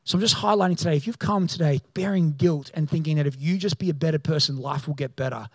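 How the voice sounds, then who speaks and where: High-voiced pastor preaching a sermon. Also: male voice, quick pace, no room sound. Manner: storytelling preacher, voices the figures, turns loud and excited.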